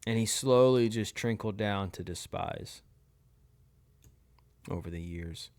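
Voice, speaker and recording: A man's voice: lowish voice, slow, darkish tone. A young man giving blunt, opinionated verdicts in a casual commentary on his own channel. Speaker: tier list video host.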